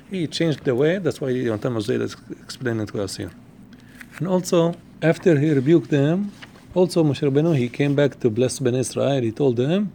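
A man teaching a Torah class who explains verses and commentaries, reeling off quotations quickly and repeating words as he goes. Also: fairly high pitch, vocal fry, mellow, a little hiss or hum.

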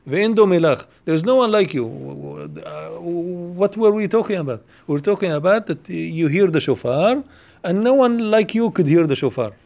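Man, somewhat high voice, teaching a Torah lesson, questioning, repeats himself, fast Hebrew quotes. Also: animated, creaky, darkish tone. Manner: questioning, explains step by step, repeats phrases; quotes Hebrew passages quickly.

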